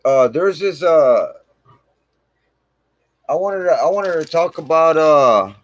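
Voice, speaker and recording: A man's voice: fairly high pitch, animated, takes it slowly, no room sound, dull audio. A man telling his own story on his channel, rambling and swearing heavily, with "man" dropped into nearly every line. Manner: rambling, heavy swearing, frequent "man" fillers. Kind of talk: casual storytelling to camera.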